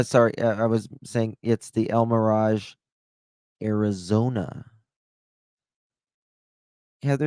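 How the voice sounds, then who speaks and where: A man's voice: lowish voice, a little mellow, clean tone, no echo. A man with a Southern US twang, chatting casually as he comments on a news clip, rambling with asides. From American South. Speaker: true crime commentator.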